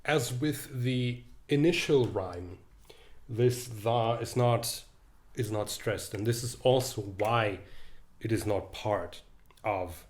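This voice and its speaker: Slow-talking young man lecturing in an echoey room. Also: fairly low pitch, darkish tone. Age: young adult. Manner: thinking aloud, hesitant, with fillers and restarts; reads verse lines slowly and deliberately. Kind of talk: online literature lecture.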